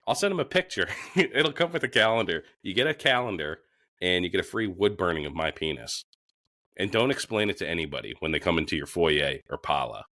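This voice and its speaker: A man co-hosting a podcast, reading sponsor shout-outs in a crude, joking way with plenty of swearing. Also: low-pitched, expressive, a little fast. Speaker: podcast co-host.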